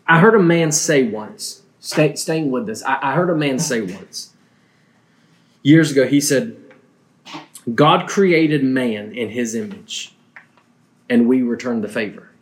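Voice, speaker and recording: A man preaching a sermon, telling a personal story earnestly, often restarting his words. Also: medium pitch. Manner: earnest, halting with frequent restarts.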